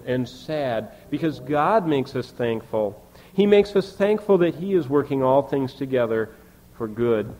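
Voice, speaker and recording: A man preaching a sermon, reading scripture aloud with emphatic rises and soft, low drops. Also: rough recording. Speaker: pastor.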